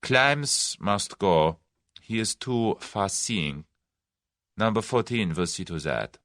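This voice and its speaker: A methodical plotter who speaks clearly and slowly, played by a male audiobook narrator. His low voice is precise and cold in a dry, close sound. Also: very animated, a bit bright, no echo. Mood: measured. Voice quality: clear, measured, deliberate. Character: German conspirator, clear-voiced, confident, methodical man.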